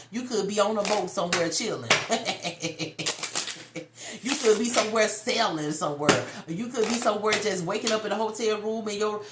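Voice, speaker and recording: A woman doing a casual tarot reading for viewers, slangy and emphatic, calling the listener baby. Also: medium pitch. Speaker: tarot card reader. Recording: echoey room, faint noise.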